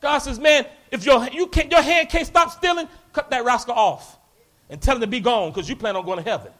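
A man preaching a sermon, animated, acting out quoted voices and breaking into shouts. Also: very high-pitched, brisk.

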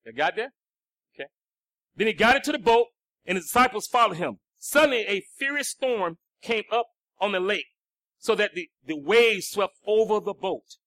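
A man preaching in a high, bright, ringing voice with a lilt. He swings from near-shouted lines down to hushed, intimate ones, and the sound is close and dry. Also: expressive, normal speed, no echo. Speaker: pastor. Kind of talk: sermon.

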